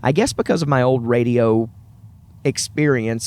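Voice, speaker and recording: A man's voice: mid-range voice, expressive, moderate pace, a little mellow. A man with a Southern US accent hosts his own podcast, talking alone to listeners in an earnest, upbeat, chatty way. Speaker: podcast host. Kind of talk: solo podcast monologue.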